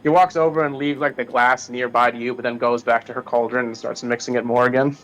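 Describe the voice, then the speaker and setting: A man narrating as game master of a tabletop game, halting with many fillers. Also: medium pitch, level tone, fairly bright tone, rough recording.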